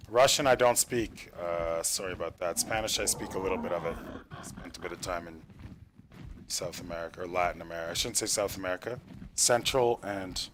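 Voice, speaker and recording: Low-voiced rambling game-stream guy. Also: brisk, fairly bright tone, a little hiss or hum. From Canada. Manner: rambling, swears casually, lots of filler. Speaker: game server admin and streamer. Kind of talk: casual gameplay stream chat.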